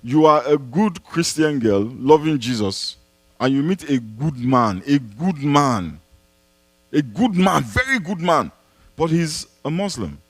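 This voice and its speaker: A man's voice: fairly high pitch, lively intonation, measured pace, no room sound. A man, a pastor answering a congregation's questions in an emphatic preaching style, repeating key phrases and posing rhetorical questions. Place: church.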